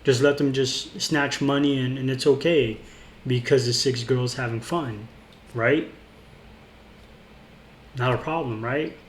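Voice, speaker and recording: A man's voice: mid-range voice, fairly even intonation, unhurried, pauses often, a little hiss or hum. A man telling a personal story in a casual, rambling way, indignant, with many restarts and fillers. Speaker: vlogger. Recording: roomy with faint ambience.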